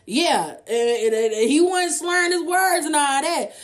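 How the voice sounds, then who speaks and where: Young woman, casual vlog chat, blunt and profane, higher voice. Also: a little slow. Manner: blunt, profane, repeats "you know what I'm saying". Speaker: vlogger. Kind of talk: casual free talk to viewers.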